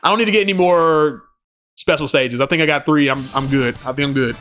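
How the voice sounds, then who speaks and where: Male streamer, slangy and laid-back, slightly high voice, faint game music behind. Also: fairly quick, fairly bright tone. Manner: laid-back slangy talk, laughs often. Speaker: streamer reading chat. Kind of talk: casual live-stream chat.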